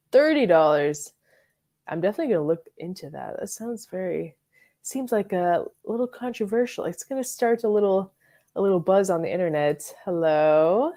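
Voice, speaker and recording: A woman's voice: sits low, a little mellow. Chatty woman hosting a fragrance livestream. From Florida. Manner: chatty, reads and answers live chat, frequent likes and ums. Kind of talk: casual livestream chat.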